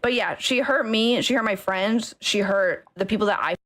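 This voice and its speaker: A woman's voice: mid-range voice, normal speed, a loud crowd. A woman ranting angrily on a stream, swearing, repeating herself and tagging lines with okay. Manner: angry, keeps saying okay, swears, bursts into laughing shouts. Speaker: streamer ranting about a friend group. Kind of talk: emotional rant on stream.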